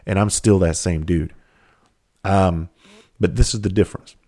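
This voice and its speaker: A man's voice: low-pitched, fairly even intonation, moderate pace, dark tone. A man from South Carolina, a comedian and speaker telling a loose, profane story in casual conversational style.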